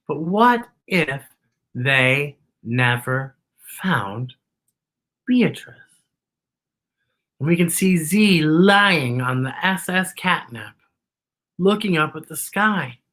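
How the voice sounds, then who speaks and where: A woman reading a picture book aloud to children, animated and pointing out the illustrations. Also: fairly low pitch, slow pace, pauses often. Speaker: children's storyteller.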